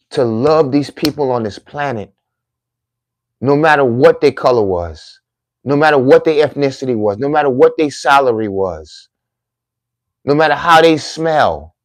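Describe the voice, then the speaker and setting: A man's voice: medium pitch, no echo. A middle-aged man giving a heartfelt, emphatic monologue to his viewers, repeating phrases like a sermon. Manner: preachy, emphatic, repetitive phrasing.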